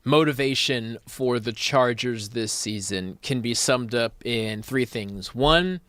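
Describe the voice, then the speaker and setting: A man co-hosting sports radio, laying out a measured, analytical take at a studio mic. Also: mid-range voice, fairly bright tone, dry recording. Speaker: radio show co-host. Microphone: studio microphone.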